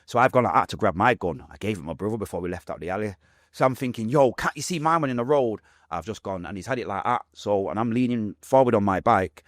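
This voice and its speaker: A young adult man with a Manchester accent, telling his own story as a podcast guest, fast and vivid, acting out what people said. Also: fairly low pitch, no echo, clean studio sound. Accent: Mancunian English. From Manchester, England.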